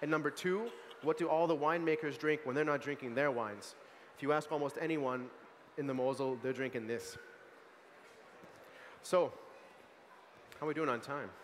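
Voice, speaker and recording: A man's voice: a little high, moderate pace, long pauses, slight background noise. Chatty American man in a reverberant hall. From United States. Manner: animated, chatty, lots of fillers and asides. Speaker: sommelier giving a wine tasting talk. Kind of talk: lively tasting presentation. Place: large hall at a food market event.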